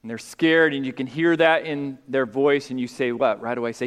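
A male pastor preaching a sermon, climbing to loud, high emphatic peaks and then dropping quiet. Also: fairly even intonation, normal speed, few pauses, smooth. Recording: long hall reverb.

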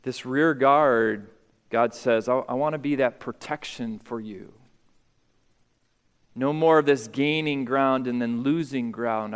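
A male pastor preaching a sermon, climbing to loud, high emphatic peaks and then dropping quiet. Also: smooth. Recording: long hall reverb.

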